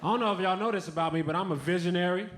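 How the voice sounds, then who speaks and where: A man from the Chicago area doing a stand-up set with laid-back, deadpan storytelling. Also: high voice, very fast, over a noisy crowd. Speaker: stand-up comedian. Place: comedy club stage with a live audience. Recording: noisy club with audience sounds.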